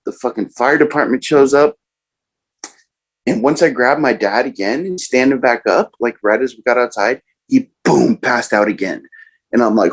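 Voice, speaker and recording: A young man casually telling a profane personal story, animated and acting out other people's lines. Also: medium pitch, rough recording. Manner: profane, animated, quotes others in raised voices.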